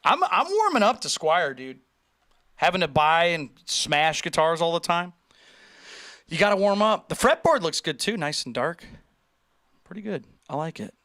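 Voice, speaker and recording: A man hosting a casual livestream, chatting in an animated way, joking and reading viewer comments aloud. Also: fairly high pitch, normal speed, long pauses, no room sound, studio quality. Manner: chatty, animated, reads chat aloud and jokes. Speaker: livestream host reacting to viewer posts.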